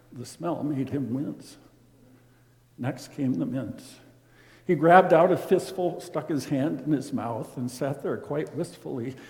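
Slow, warm male storyteller. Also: medium pitch. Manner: expressive, dramatic swings in loudness. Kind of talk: rhyming storybook narration. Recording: roomy with long reverb.

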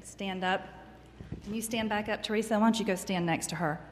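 A woman teaching a class of children, gentle and encouraging, asking them questions as she goes. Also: mid-range voice, fairly even intonation, fairly quick. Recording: echoey room, faint background noise.

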